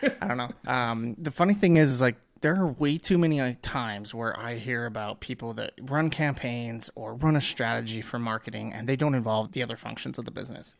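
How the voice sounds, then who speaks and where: A man with a gravelly, fry-edged voice speaks as a podcast guest. He talks candidly and emphatically, with blunt asides. The sound is dry and close. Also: medium pitch, brisk, no echo. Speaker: guest marketing executive. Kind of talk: casual podcast interview.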